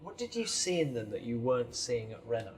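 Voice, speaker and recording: A man's voice: medium pitch, big pitch swings, a little fast, poor audio. Friendly male podcast host. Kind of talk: interview conversation.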